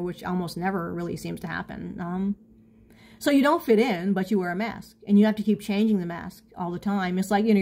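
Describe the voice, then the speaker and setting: Halting, candid middle-aged woman. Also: medium pitch, a little mellow. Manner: halting, full of restarts and "you know"; candid, self-mocking with small laughs. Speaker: vlogger. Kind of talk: casual confessional monologue.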